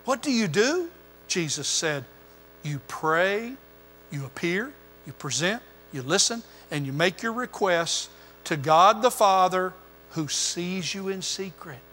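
A man's voice: high-pitched, animated, slow pace, bright, forceful tone, soft background music. An older man preaching a sermon as pastor, building emphasis through repeated phrases. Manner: preaching with rising emphasis and repetition. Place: church sanctuary. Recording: long hall reverb.

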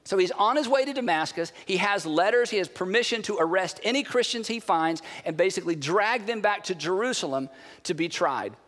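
A man with a high voice preaches to his congregation in a large church, his words trailing into a long hall reverb. He delivers the sermon in an animated way, pausing for effect and acting out the quotes. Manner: animated preaching with dramatic pauses and acted quotes. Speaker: pastor.

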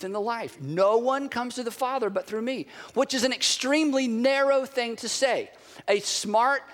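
High-voiced preaching man in reverberant hall. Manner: animated preaching with dramatic pauses and acted quotes. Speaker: pastor. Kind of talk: sermon.

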